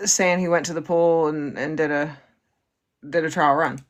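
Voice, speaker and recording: A woman hosting a livestream, calmly paraphrasing and explaining what her guest says. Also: sits low, normal speed. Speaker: livestream host. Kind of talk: relaying and explaining a guest's words.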